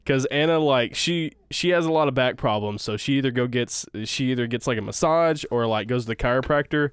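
A man's voice: mid-range voice, fairly quick, clean tone, dry recording. A man co-hosting a casual chat show, talking with lots of likes and teasing the others.

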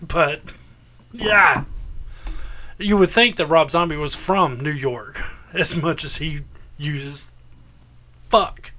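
A man's voice: fairly high pitch, slow pace, pauses often, sharp tone. A man with a Southern US accent, co-hosting a podcast in casual, rambling chat, laughing often and swearing freely. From American South. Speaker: podcast co-host.

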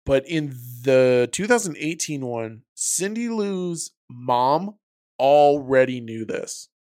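A young man co-hosting a podcast in casual chat, laid-back and swearing, slowing down to make his points. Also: medium pitch, lively intonation, darkish tone, smooth, no echo, studio quality. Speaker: podcast co-host.

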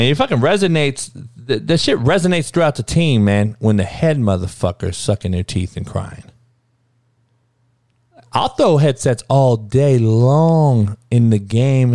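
A man hosting a podcast, ranting angrily about sports with heavy profanity, mocking and swinging between loud outbursts and low mutters. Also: no echo, clean studio sound. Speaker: podcast host.

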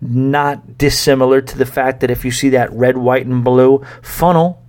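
A man's voice: medium pitch, steady tone, moderate pace, darkish tone. Chatty man hosting a podcast. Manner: chatty, rambling, gets fired up with mock rants. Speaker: podcast host. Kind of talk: casual solo podcast talk.

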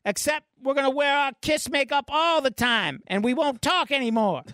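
A man putting on the voice of a rowdy young street gang thug in a comic, taunting and shouty. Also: very high voice, moderate pace, no room sound, clean studio sound, voice pushed up, heavily acted.

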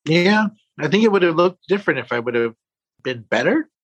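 A man playing a tabletop game, speaking softly and hesitantly in character. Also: a little high, big pitch swings, husky, lo-fi sound. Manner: soft-spoken, hesitant, slow. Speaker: player. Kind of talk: tabletop role-play.

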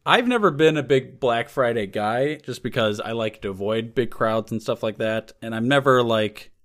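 A man's voice: mid-range voice, animated, moderate pace, a bit bright. A man co-hosting a podcast in casual comedic chat, riffing on ideas and laughing often. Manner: playful, laughs often, riffs on bits. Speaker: podcast co-host.

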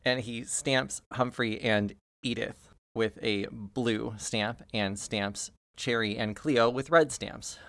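Male game master, deadpan narration, gravelly voice, dry close sound. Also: mid-range voice, slow, no room sound.

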